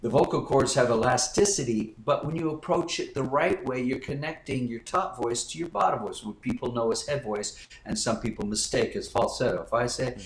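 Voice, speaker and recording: Animated storytelling male vocal coach, roomy sound. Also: a little fast, few pauses. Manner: animated storyteller, jumps up in pitch when quoting people. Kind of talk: live-stream interview storytelling. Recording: roomy echo.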